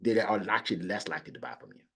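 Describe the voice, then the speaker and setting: A middle-aged man coaching on sales, talking in an animated way and acting out his prospects. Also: fairly low pitch, racing, vocal fry, slightly rough. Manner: animated, acts out clients and prospects in quoted voices. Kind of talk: motivational sales talk.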